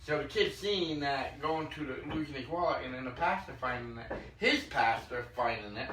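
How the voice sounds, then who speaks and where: A man on a podcast casually retelling anecdotes, acting out the quoted dialogue and often clearing his throat. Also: fairly high pitch, fairly quick, a bit bright. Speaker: podcast host. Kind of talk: casual storytelling. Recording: echoey room, distant mic, faint noise.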